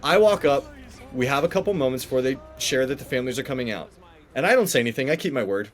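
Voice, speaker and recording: A man with a mid-range voice tells a heartfelt personal story as a podcast guest. He is animated and vivid, slipping into the voices of the people he quotes. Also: mid-range voice, fast talker, soft background music. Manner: animated storyteller who acts out quoted dialogue. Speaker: guest, former game contestant.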